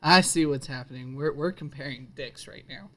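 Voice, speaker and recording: A man's voice: mid-range voice, moderate pace, sharp tone. A man playing a tabletop game as a player, talking playfully and laughing often. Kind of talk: tabletop role-play.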